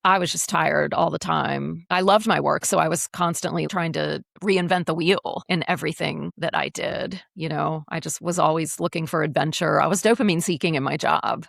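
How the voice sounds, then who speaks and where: A woman in her forties, an educator speaking as a podcast guest, telling her story in a frank, animated, often profane way. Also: low-pitched, normal speed, vocal fry, hardly any pauses, no room sound, studio quality. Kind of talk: candid casual interview.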